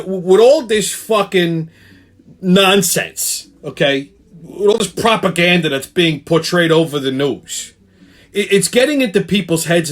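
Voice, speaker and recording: A man's voice: fairly high pitch, a bit bright. A male show host telling a heated, profane story in a blunt ranting monologue.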